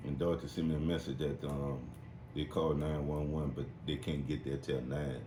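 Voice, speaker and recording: Talking a little fast, this podcast host keeps his storytelling animated and profane, using high voices to impersonate the folks he's describing. The recording has a roomy echo and faint noise.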